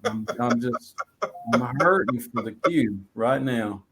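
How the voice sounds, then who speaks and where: A man, a musician guest from the United States, talking in a relaxed, rambling way with many fillers. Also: mid-range voice, slow pace. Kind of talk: casual interview.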